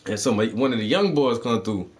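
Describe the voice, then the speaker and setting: A man in casual chat, telling stories full of swearing. He jumps into loud, high-pitched outbursts and then drops back to a low, laid-back voice. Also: lively intonation, brisk. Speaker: livestream host.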